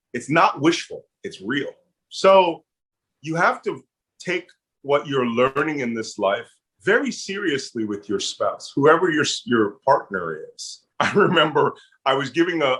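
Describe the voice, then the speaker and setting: Earnest Philly man, fairly high voice. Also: a bit bright, husky. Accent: Philadelphia. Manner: earnest, heartfelt, mixes humor with grief. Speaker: guest. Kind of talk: casual interview storytelling.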